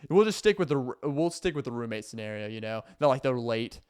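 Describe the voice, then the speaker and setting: Brief: a young male vlogger, rambling comic talk with a clear, smooth voice at a middling pitch. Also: expressive, fairly quick, darkish tone. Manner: rambling, filler-heavy, self-interrupting. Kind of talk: casual comedic monologue.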